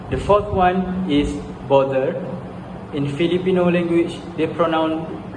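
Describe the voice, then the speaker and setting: A young man giving a class presentation, reading out word lists in a steady, repetitive pattern. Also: a little high, unhurried. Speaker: student presenter. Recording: echoey hall with background noise.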